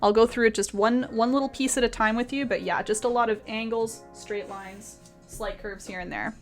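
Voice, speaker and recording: A woman's voice: on the high side, steady tone, normal speed, soft background music. A woman teaching painting on a live stream, chatty and laughing often as she answers her chat.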